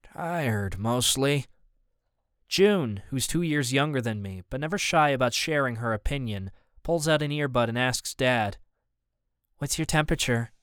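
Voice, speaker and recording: A man giving first-person scripted audiobook narration in an even, measured way. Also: medium pitch, clean tone, dry recording, studio quality.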